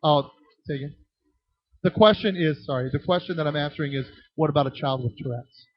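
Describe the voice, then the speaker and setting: A man's voice: on the high side, brisk, husky, no room sound. A man leading a children's ministry training workshop, answering questions from the audience and acting out voices in his stories. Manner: animated, acts out voices in anecdotes, frequent restarts. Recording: dull lo-fi, dry sound.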